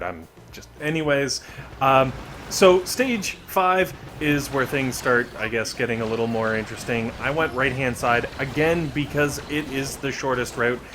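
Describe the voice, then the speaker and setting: A man's voice: medium pitch, noisy background. A man giving casual, rambling gameplay commentary with joking asides. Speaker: gaming video creator.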